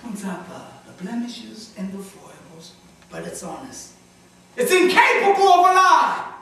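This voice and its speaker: High-pitched man preaching in an echoey chapel. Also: very animated, a little slow, vocal fry. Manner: dramatic, swinging from loud emphatic bursts to hushed asides. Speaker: pastor. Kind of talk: sermon. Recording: very echoey chapel, mic far off.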